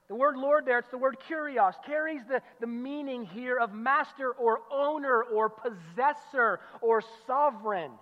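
A male pastor preaching an expository sermon, emphatic, repeating key phrases and swinging from loud declarations to low, quiet asides. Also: moderate pace, few pauses. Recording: muffled sound with long hall reverb.

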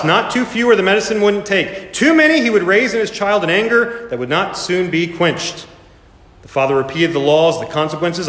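A man's voice: a little high, lively intonation, moderate pace, a bit bright. A man preaching a sermon, telling a story with dramatic rises and voicing the characters in it. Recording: echoey hall, reverberant room.

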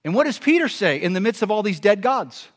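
A pastor preaching in a high voice. He speaks to his listeners in an easy, conversational way, but he presses points hard. He often throws questions out to them. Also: big pitch swings, brisk. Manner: conversational, emphatic, rhetorical questions. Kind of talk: sermon.

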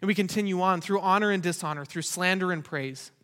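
A man's voice: high voice, quick pace, a bit bright, clear, resonant tone. A man preaching a sermon as pastor, in an earnest, conversational way with rhetorical questions. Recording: long reverb of a large hall.

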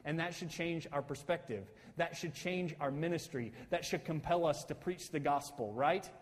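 A man preaching a sermon as pastor, building to excited, emphatic bursts and tagging points with "right?". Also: on the high side, moderate pace, big-room sound. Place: church sanctuary.

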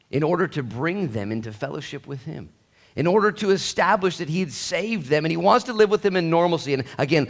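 A man preaching a sermon at a church service in a jokey, conversational way, swinging from quiet asides to loud, excited bursts. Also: on the high side, gravelly. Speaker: pastor.

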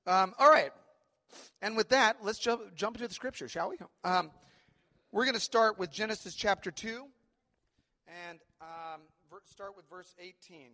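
A man's voice: high-pitched, moderate pace, sharp tone, big-room sound. A man preaching a sermon as pastor, talking in an earnest, conversational way with frequent fillers and check-ins to the congregation. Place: church sanctuary.

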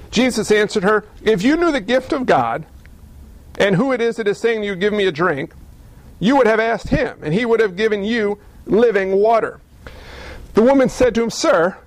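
A man delivers a sermon in a high, gravelly voice. He keeps it animated, mixing rhetorical questions with jokes. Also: no room sound. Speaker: pastor.

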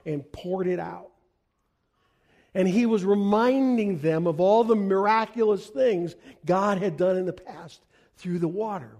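A man preaching a sermon as pastor to his congregation, earnest, rising to loud emphatic peaks. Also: high-pitched.

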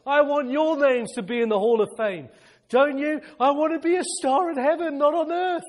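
A male preacher delivering a fervent sermon, repeating phrases for emphasis and sometimes shouting with excitement. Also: very high voice, moderate pace, in a large hall.

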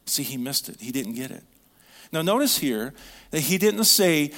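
A man preaching a sermon as a pastor. He tells stories in a conversational way, asks the audience questions and drops to a hushed tone on key points. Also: fairly high pitch, very animated, moderate pace.

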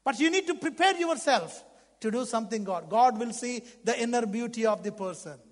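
A man preaching a sermon in English that is not his first language, fervent, swinging between loud outbursts and hushed lines. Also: extremely high pitch, expressive, a little fast. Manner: non-native English phrasing. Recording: long reverb of a large hall.

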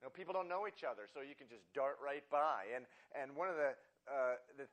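A man delivers a sermon in an everyday speaking pitch. He tells stories in a rambling, self-deprecating way, often restarting his sentences and adding asides. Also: lively intonation, brisk, fairly bright tone. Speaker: pastor.

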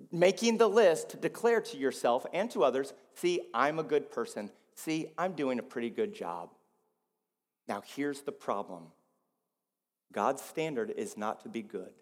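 A man preaching a sermon as pastor, swinging between quiet, low passages and loud, emphatic ones. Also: expressive, a little slow, long reverb tail.

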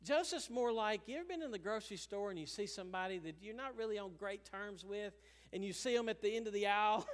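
A man preaching a sermon as pastor, animated and chuckling, acting out the people he talks about. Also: high-pitched, fast talker, in a large hall.

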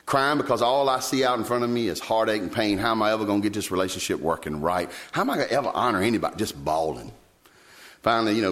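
A man, preaching a sermon as a pastor, telling personal stories with sudden leaps up in pitch when he quotes himself. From Virginia, US.

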